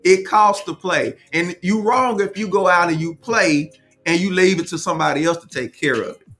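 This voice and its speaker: A man's voice: high voice, moderate pace, a bit bright, faint music behind. A man hosting a casual live chat, reading viewer comments aloud and giving firm opinions.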